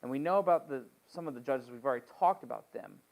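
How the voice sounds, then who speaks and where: A man's voice: mid-range voice, expressive, fast talker, creaky, a little mellow. A man leading a Bible study as pastor, reading scripture and retelling the story in a joking, conversational way with playful asides.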